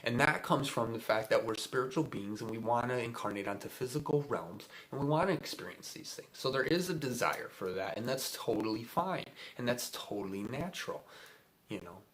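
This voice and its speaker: A man's voice: medium pitch, animated, fairly quick, fairly bright tone. A man hosting a casual spiritual talk, rambling with many fillers and frequent chuckles. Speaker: spiritual host.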